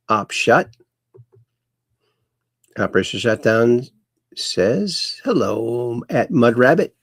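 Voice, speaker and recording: A man with a gravelly, creaky voice hosts a casual livestream, reading viewer comments and rambling along in a folksy, repetitive way. The sound is dry and close, with no room echo. His pitch sits in the ordinary middle range for a man. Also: very animated, slow pace, long pauses, a bit bright. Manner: rambling, folksy, repeats himself. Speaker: livestream host.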